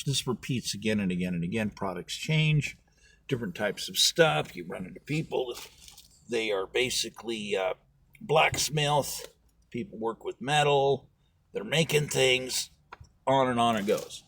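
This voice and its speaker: Husky-voiced man telling a folksy story. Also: mid-range voice, a bit bright. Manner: acts out both sides of imagined dialogues, folksy and rambling. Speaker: political candidate. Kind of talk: casual storytelling monologue.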